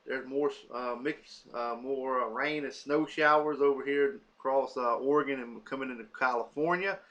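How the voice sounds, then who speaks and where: A man's voice: medium pitch, normal speed, fairly bright tone, highs cut off. A man giving a casual weather forecast, reading lists of cities off a map with many fillers.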